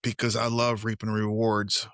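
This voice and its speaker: A man's voice: lowish voice, moderate pace, no room sound, studio quality. A middle-aged man co-hosting a podcast, telling family stories in a casual chat and acting out the dialogue. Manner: animated, acts out quoted dialogue. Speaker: podcast co-host.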